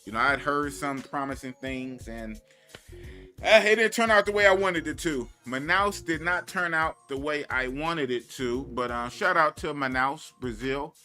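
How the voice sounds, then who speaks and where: A man's voice: fairly high pitch, animated, normal speed, bright, forceful tone, faint music behind. A man casually chatting on his livestream, rambling and slangy, repeating himself as he tells stories. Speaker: travel vlogger.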